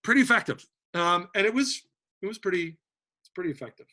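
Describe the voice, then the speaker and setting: A man teaching a history lesson to a class, animated and joking, with lots of restarts. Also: high-pitched, fast talker. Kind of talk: classroom lecture.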